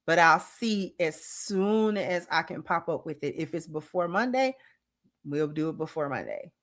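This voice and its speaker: A woman's voice: low voice, lively intonation, measured pace. A woman hosts her own commentary vlog in a loose, conversational way. She speaks straight to her viewers, casual and colloquial throughout. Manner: chatty, colloquial, addresses viewers directly. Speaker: host.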